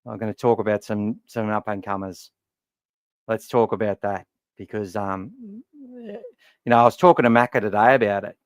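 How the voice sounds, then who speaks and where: A man's voice: lowish voice, fairly even intonation, brisk, no room sound, studio quality. Blunt, sweary Australian man with a worn voice. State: voice worn from talking all day. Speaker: podcast host. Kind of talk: casual fan podcast chat. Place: warm room at home.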